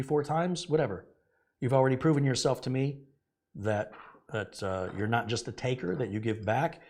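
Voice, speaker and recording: A middle-aged man hosts a computer repair tutorial on his tech channel, speaking earnestly in a medium-pitched, darkish voice. The tutorial is casual, and he rambles while correcting himself.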